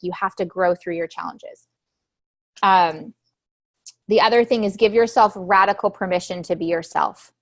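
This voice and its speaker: A woman in her thirties leading a motivational talk for her team on a group call, emphatic, repeating key phrases and asking her listeners questions. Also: medium pitch. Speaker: team leader giving a training recap.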